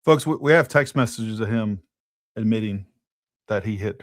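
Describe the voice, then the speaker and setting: A man's voice: fairly low pitch, moderate pace, no room sound, studio quality. A man hosting a live podcast, talking to his viewers in an emphatic, indignant way. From United States. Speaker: podcast host.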